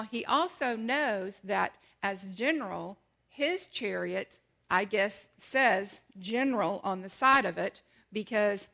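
A woman teaching a Bible lesson in animated storytelling style, slowing down for emphasis and asking rhetorical questions. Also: mid-range voice, gravelly.

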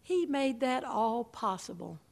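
A woman preaching a sermon to a congregation in a room, dramatic and swinging from hushed tones to ringing proclamation. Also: fairly high pitch, expressive, a little slow, gravelly.

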